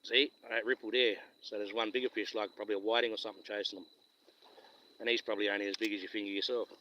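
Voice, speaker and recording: A man's voice: fairly low pitch, little pitch movement, fast talker, bright, forceful tone, dull audio, slight background noise. A man with a Western Australian accent chatting and telling stories on a live stream while fishing outdoors, rambling and chuckling as he goes. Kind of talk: casual live-stream chat.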